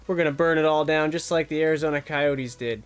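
A young man giving excited, fast play-by-play commentary over his own hockey video game as a gaming YouTuber. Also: on the high side, clean tone. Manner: animated, fast play-by-play with yelps and laughs. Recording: background music under voice.

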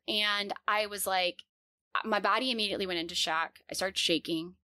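A woman in her thirties telling a personal story in an earnest, halting way, with many fillers and restarts. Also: mid-range voice, fairly even intonation, pushed and bright, no echo.

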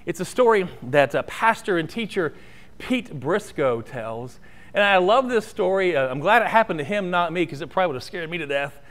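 Male pastor, sermon storyteller, high and animated delivery, church sanctuary. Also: moderate pace. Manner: storytelling, rising and falling, ends in prayer.

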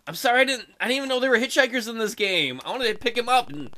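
Here the gaming host speaks very fast and very high, his tone strained and bright. He jokes crudely and reads out game text over the sound of keyboard typing in a loose let's play style.

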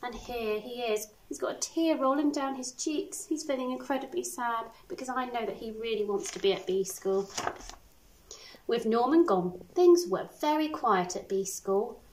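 A woman primary school teacher reading a picture book aloud to children, expressive with little asides. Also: a little high, moderate pace, slight background noise, low-quality recording. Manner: animated, expressive storytelling with asides.

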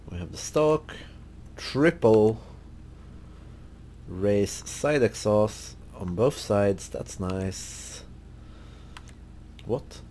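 A man hosting a gaming video, relaxed and thinking aloud as he browses car parts in casual commentary. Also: lowish voice, a little hiss or hum. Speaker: gaming channel host.

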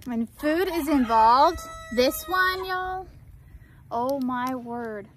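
A woman's voice: high-pitched, slow pace, long pauses. A woman chatting casually for a farm vlog and coaxing her animals outdoors. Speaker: farm vlogger. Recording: faint background noise outdoors. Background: farm animals and outdoor ambience.

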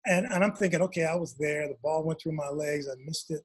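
A man's voice: fairly high pitch, fairly even intonation, quick pace, breathy edge. A man, an author and guest, telling a long personal story in an interview and acting out his parents' lines.

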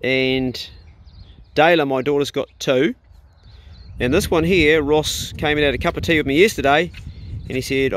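A man with a New Zealand accent narrating a casual outdoor vlog on a farm, swearing freely and chatting to the animals. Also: medium pitch. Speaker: vlogger and hunter.

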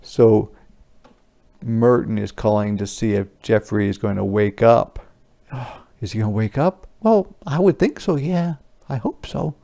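A man as a teacher, reading a picture book aloud to young children, pausing to explain words simply and wonder aloud. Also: fairly low pitch, creaky, warm tone.

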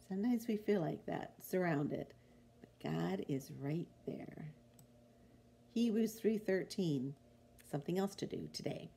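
Gravelly woman reading scripture expressively. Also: low voice, unhurried, pauses often. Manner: expressive, swings from emphatic to hushed. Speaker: devotional podcast host. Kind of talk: reading scripture with short reflections.

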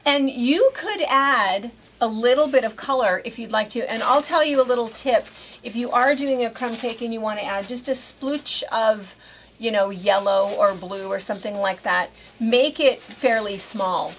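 A woman's voice: a little high, moderate pace, fairly bright tone, slight background noise, poor audio. A woman presenting quilting fabrics in a casual video, explaining and sharing sewing tips. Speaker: quilt shop co-host. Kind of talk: casual product showcase.

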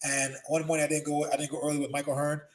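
A man in his thirties, a former pro wrestler, telling profane, lively stories as an interview guest. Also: on the high side, rapid-fire, slight background noise. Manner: animated storyteller, profane, acts out quotes. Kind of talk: casual storytelling interview.

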